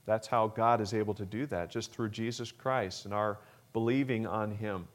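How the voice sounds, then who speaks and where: A man's voice: fairly low pitch, steady tone, normal speed. A male pastor preaching a sermon, explaining scripture with rising emphasis and frequent uh fillers.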